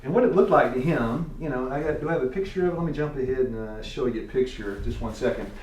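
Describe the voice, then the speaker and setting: A man's voice: mid-range voice, expressive, quick pace, darkish tone. A man with a Tennessee accent teaching a church class, quizzing his students in a folksy way and chuckling often. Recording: echoey room, distant mic.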